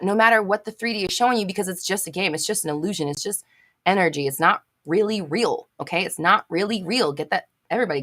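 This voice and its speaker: A woman's voice: medium pitch, fairly bright tone. Blunt, emphatic woman on a live stream. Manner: blunt, emphatic, swears freely, laughs at herself. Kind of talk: casual live-stream chat, reading viewer comments.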